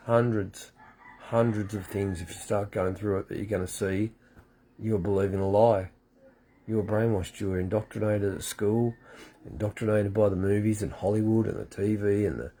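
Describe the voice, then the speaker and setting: A man's voice: on the low side, mellow, a little hiss or hum. A man, rambling emotionally through a personal faith testimony in a vlog, often repeating himself and welling up. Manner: emotional, repetitive, tearful at times. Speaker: vlogger.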